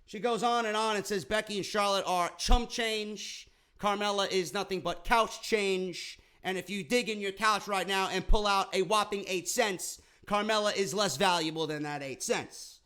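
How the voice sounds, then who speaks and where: A man's voice: sits high, normal speed, bright, forceful tone, clear, resonant tone. A man recapping a wrestling show in a casual, sarcastic rant full of swearing. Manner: profane, sarcastic, rambling.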